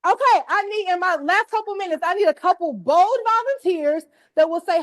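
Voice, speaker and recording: She speaks at an extremely high pitch, briskly and with barely a pause. As a workshop speaker giving a high-energy motivational talk, she pumps up her live audience through colloquial call-and-response and plenty of "y'all."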